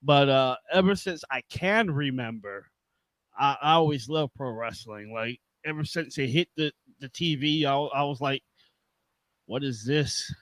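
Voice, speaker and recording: A man's voice: medium pitch, moderate pace, a bit bright, dry recording, rough recording. A man guesting on a podcast as a veteran pro wrestler, talking in a laid-back, joking way. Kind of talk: casual interview chat.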